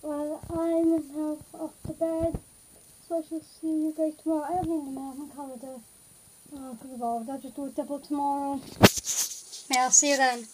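A woman's voice: high voice, level tone, normal speed, a little mellow, slight background noise, poor audio. A young woman, chatting in a rambling, flustered vlog with lots of filler words. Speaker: vlogger. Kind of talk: casual vlog chat.

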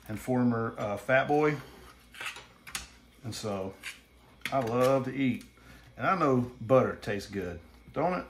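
A middle-aged Southern man hosts a home cooking vlog, rambling along in a folksy, self-deprecating way from his kitchen and later out at the grill. His voice sits in the mid-range, with noise in the background.

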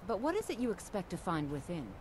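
A woman's voice: mid-range voice, sing-song, quick pace, darkish tone, slight background noise, natural voice. An actress playing a formal, long-winded female mage who guides a new student at a college, speaking with courteous wording. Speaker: game character, college mage.

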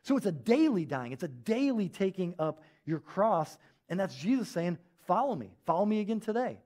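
A man preaching a sermon in a church, telling stories in a casual, animated way with lots of filler words. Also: high voice, normal speed. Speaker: pastor.

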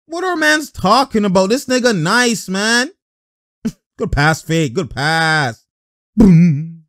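A man giving casual, excitable reaction commentary over basketball highlights, laughing often and talking in heavy slang. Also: no echo, studio quality.

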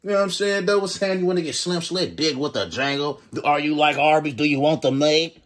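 A man's voice: fairly high pitch, fairly quick, fairly bright tone. A man in his twenties hosting a reaction video, joking in loose slang. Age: 20s. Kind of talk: casual reaction commentary.

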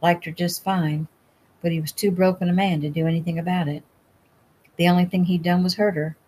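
A woman reading her own novel aloud at home in a relaxed, conversational way. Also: lowish voice, a little fast, a little hiss or hum, rough recording. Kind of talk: casual audiobook reading.

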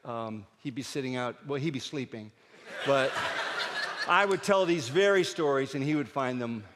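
A middle-aged man from Pennsylvania telling comic stories on stage, jumping up high and loud when he acts out his dad. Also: in a large hall, slight background noise. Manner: animated, shouts his dad's lines in a high voice. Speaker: stand-up comedian. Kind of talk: storytelling stand-up comedy.

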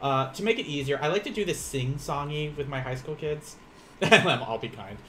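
A man's voice: fairly high pitch, moderate pace, fairly bright tone, a little hiss or hum. Chatty man teaching Japanese. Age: 30s. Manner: chatty, rambling, laughs often, eats while teaching. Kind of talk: casual live-streamed language lesson.

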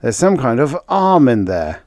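A man's voice: medium pitch, sing-song, a little slow, darkish tone, no room sound, studio quality, voice pushed up. A man voicing a nervous male guard in an audiobook, jumpy and alarmed. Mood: uneasy.

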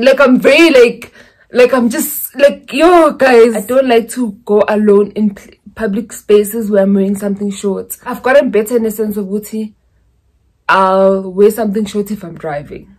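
A woman's voice: medium pitch, moderate pace. A young woman from South Africa with a South African accent, chatting casually in a vlog and slipping in Zulu phrases as she rambles through stories. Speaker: YouTuber.

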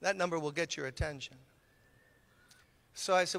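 A man's voice: high voice, fairly quick, long pauses. An older man from Brooklyn, a pastor telling a story in a sermon and acting out the voices in his conversations. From Brooklyn, New York. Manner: animated, acts out both sides of conversations. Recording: long hall reverb.

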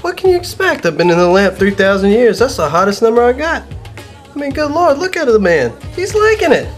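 A young man playing a cocky male genie, three thousand years old, loud and excitable. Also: very high-pitched, fairly quick, reverberant, soft background music. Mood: boastful.

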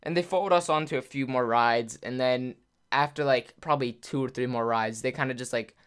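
A man's voice: mid-range voice, brisk, fairly bright tone, clean tone. A young man casually telling a rambling story to his viewers, full of "like" fillers and acted-out quotes. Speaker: YouTuber.

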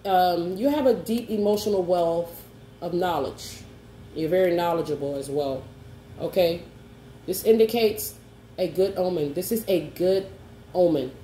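Reading tarot cards on camera, this woman speaks low with a dark tone, coaxing and reassuring her viewer and repeatedly asking "okay?". A roomy echo and faint background hum color the recording.

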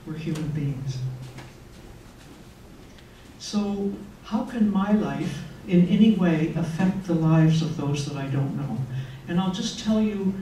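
An older religious sister gives an earnest, personal retreat talk in a conversational way in a retreat hall. Her lowish voice is expressive, slow and warm, with a little hiss or hum, and the room echoes with the mic far off.

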